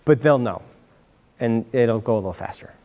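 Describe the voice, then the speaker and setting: Guy running a parent workshop, animated and jokey, bit of hall echo. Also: mid-range voice. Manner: animated, acts out kids and parents in quick voices. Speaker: workshop presenter. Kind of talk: lively workshop talk to parents. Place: meeting room. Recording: hall reverb from a community-TV taped talk.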